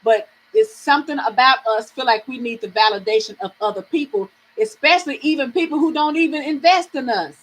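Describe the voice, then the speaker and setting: High-voiced frank woman chatting live. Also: fairly quick, hardly any pauses, low-quality recording. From American South. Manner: frank, animated, swearing freely, laughing often. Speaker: live reading host. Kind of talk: casual live-stream chat with viewers.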